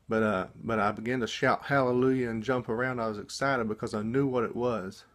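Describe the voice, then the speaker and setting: A man telling about a dream he just woke up from, in a casual, halting testimony full of restarts and repeated words. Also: on the low side, fairly even intonation. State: just woken up.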